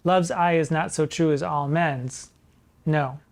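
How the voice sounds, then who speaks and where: A man in drag persona giving literary commentary on sonnets, arch and playful, slowing down to recite quoted lines with emphasis. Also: fairly high pitch, fairly even intonation. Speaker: drag performer hosting a sonnet discussion.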